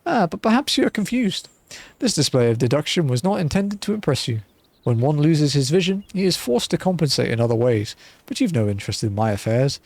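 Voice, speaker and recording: Reading game dialogue aloud, a man voices a blind retired mercenary turned wine merchant who speaks with courteous, old-fashioned formality and a genteel mood. His voice is a little high, darkish and very animated, a little fast, with no echo.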